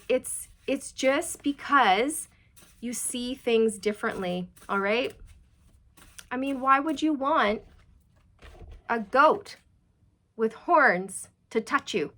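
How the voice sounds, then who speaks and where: A woman's voice: a little high, a bit bright. A woman giving a chatty, reassuring tarot reading and passing on channeled messages directly to her viewers. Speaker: tarot reader.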